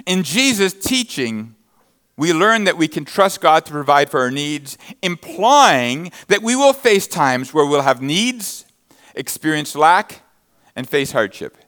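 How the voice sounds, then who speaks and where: A man's voice: a little high, very animated, measured pace, a bit bright. A man preaching a sermon, reading scripture verses and expounding them with emphatic, rising bursts of intensity. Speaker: pastor.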